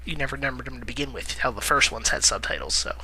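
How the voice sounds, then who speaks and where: A man's voice: mid-range voice, animated, fast talker, vocal fry, background noise. A man giving casual movie-news commentary in a vlog, rambling with lots of "uh" fillers, correcting himself and chuckling wryly at his own remarks.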